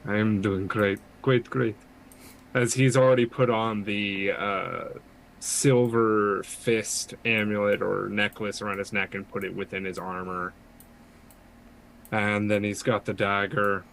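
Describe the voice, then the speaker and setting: A man's voice: fairly low pitch, little pitch movement, unhurried, vocal fry, fairly bright tone, slight background noise, poor audio. A man narrating his character's actions and speaking in character during a tabletop role-playing game. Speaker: tabletop player.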